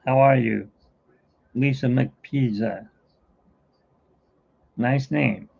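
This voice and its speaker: A man's voice: mid-range voice, very slow, gravelly, breathy edge, highs cut off. A middle-aged man hosting a live stream, chatting casually and telling jokes in a rambling, self-mocking way.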